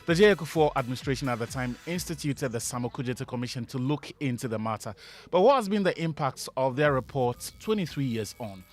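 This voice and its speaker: A man's voice: mid-range voice, animated, brisk, soft background music. Ghanaian man reading a sports bulletin. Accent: Ghanaian English. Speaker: sports news presenter.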